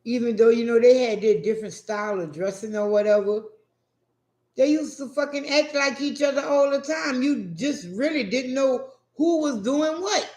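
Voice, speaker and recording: A man telling a profane, animated story in a casual rant, acting out what people said. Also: very high voice, normal speed. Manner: profane, animated, acts out quotes. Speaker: vlogger. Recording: echoey room.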